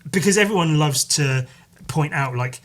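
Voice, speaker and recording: A man hosting a solo podcast, rambling in casual chat, swearing freely and filling pauses with "like" and "um". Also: a little high. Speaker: podcast host.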